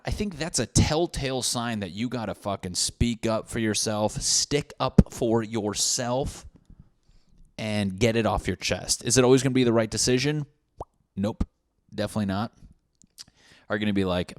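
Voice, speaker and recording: A man's voice: fairly low pitch, normal speed, no room sound, studio quality. Brash, joking young man podcasting. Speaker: podcast host. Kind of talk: casual solo podcast monologue. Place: apartment room.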